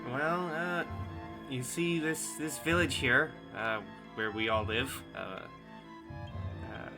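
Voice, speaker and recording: A man's voice: medium pitch, animated, slow pace, music in the background. A man voicing a nervous, rambling male halfling villager who stammers and gossips. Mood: gossipy. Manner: stammering, jumpy.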